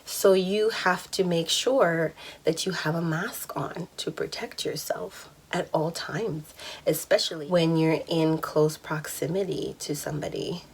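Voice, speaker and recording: A woman's voice: sits low, measured pace, slightly rough. A woman in her thirties telling a personal story in a candid, chatty vlog, laughing now and then. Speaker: vlogger.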